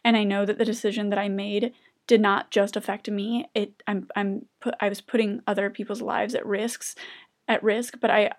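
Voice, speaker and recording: A young woman speaks straight to camera in a confessional vlog, earnest and halting, her sentences breaking off and starting over. Her voice sits at an ordinary middle pitch for a woman, and the emotion rises close to the surface as she talks. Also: little pitch movement. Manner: earnest, halting, with many restarts; openly emotional. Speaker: vlogger. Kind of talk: personal confessional talk to camera.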